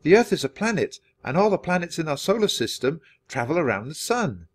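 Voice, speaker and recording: A man's voice: on the high side, big pitch swings, brisk, voice pushed up. A man putting on a bold, eager little girl. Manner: eager, insistent. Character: bold curious young girl.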